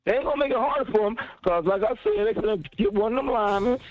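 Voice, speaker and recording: A man's voice: sits high, rapid-fire, no echo. A man calling in to a sports talk show, insistent and fired up, repeating his points over and over. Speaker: caller. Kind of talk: heated call-in sports talk. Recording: dull lo-fi phone-in audio.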